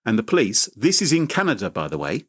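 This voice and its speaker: A man hosting a podcast, telling a story in a playful, animated way. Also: lowish voice, fast talker, husky. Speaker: podcast host. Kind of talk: casual chat.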